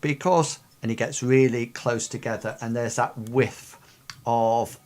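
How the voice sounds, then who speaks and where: Male game master, narrates a fantasy tabletop session, halting and rambling delivery. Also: medium pitch, flat delivery, darkish tone. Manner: rambling, many ums and sort-of-likes.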